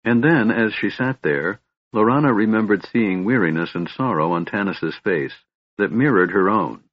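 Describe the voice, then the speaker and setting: Low husky male audiobook narrator. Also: lively intonation, moderate pace, no room sound. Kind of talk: scripted fantasy narration. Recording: dull dry recording.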